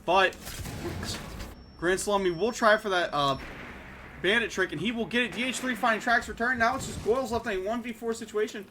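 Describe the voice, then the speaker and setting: Bright high-voiced male esports caster. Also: slight background noise. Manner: rapid play-by-play, excited on big plays. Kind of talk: live play-by-play commentary.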